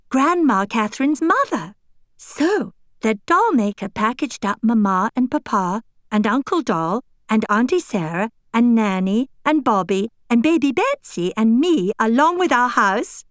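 A woman reads a children's storybook aloud, gently and expressively, with a lively, sing-song rise and fall. Her pace is unhurried and her voice sits a touch high. The recording is close and dry. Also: no room sound. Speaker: audiobook reader. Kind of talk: storybook narration.

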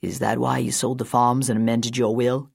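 A woman reads as an older male attorney, earnest and measured, pressing his case with quiet dismay in a storybook reading. The voice sits low and husky, recorded close and dry. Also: flat delivery, dry recording, heavily acted.

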